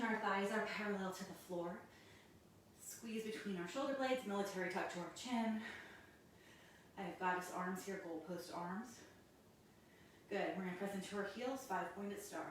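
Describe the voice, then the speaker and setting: A woman yoga instructor guiding a class through poses, calm and practical, slightly out of breath as she does the poses with the class. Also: mid-range voice, slight background noise. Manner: calm step-by-step cues with self-aware asides. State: a little out of breath while doing poses. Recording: very echoey room, mic at a distance.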